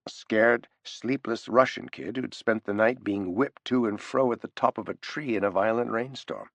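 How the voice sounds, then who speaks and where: A man narrating an audiobook thriller with an expressive, animated reading, on a close studio mic. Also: lowish voice, moderate pace, hardly any pauses, no room sound. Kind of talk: scripted narration.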